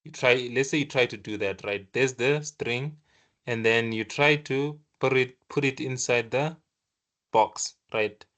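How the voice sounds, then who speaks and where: During a screen-share coding lesson, this man speaks in a mid-range voice, loose and lively. He halts and restarts while reasoning out loud and throws in brief impressions of the computer telling him off.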